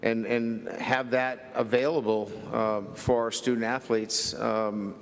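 A man's voice: mid-range voice, little pitch movement, takes it slowly. A man, a football coach, answering questions at a press conference with many fillers and restarts.

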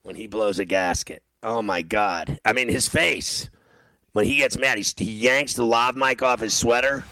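A man with a gravelly, bright-edged voice hosts a sports radio show. He rambles through a story in casual banter, laughing as he goes. The studio sound is dry and close. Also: lowish voice, normal speed, dry recording.

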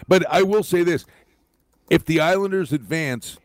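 A man's voice: fairly high pitch, normal speed, no room sound. A man co-hosting a sports radio show, giving firm opinions on hockey in casual talk. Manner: opinionated, animated when making a point.

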